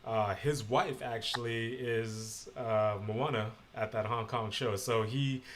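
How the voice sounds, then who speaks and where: A man's voice: medium pitch, fairly even intonation, takes it slowly, a bit bright, a little hiss or hum. Upbeat male interview host. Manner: friendly, upbeat, with fillers. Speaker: show host. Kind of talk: casual interview hosting.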